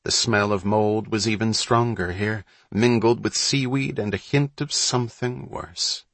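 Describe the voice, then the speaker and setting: Low-voiced guy reading a spooky kids story, husky, dry close sound. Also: fairly even intonation, unhurried, a bit bright, no room sound. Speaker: narrator. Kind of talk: audiobook narration.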